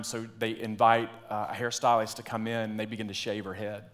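Low-voiced pastor preaching. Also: male voice, little pitch movement, a little fast, few pauses. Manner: storytelling, drops to quiet earnest tones. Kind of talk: sermon.

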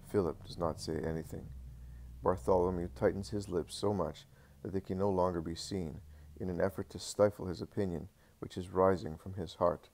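Deep, gravelly male narrator. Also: fairly even intonation, normal speed, darkish tone. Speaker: audiobook narrator. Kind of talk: scripted narration of a religious text.

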